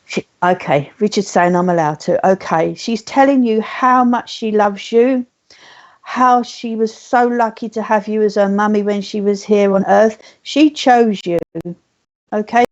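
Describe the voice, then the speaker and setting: Gentle woman, mellow medium. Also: mid-range voice, dull audio. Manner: gentle, soothing, relays messages slowly. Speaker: spiritualist medium. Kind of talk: live online mediumship reading.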